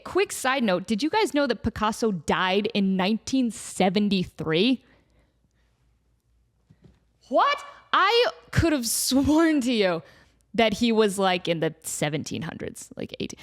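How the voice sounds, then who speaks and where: A woman hosting a comedic solo podcast, telling a rambling, animated story with lots of fillers. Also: a little high. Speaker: podcast host.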